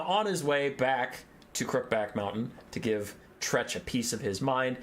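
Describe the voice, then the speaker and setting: A man narrating a story and then giving lively play-by-play commentary on a strategy game battle. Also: mid-range voice.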